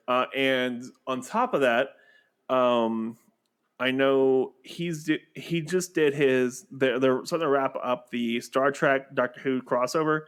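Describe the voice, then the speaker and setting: A man's voice: medium pitch, a bit bright. A man with a Texan accent, co-hosting a podcast, chatting casually with lots of restarts and fillers. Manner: rambling, many restarts and fillers. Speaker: podcast co-host. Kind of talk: casual chat.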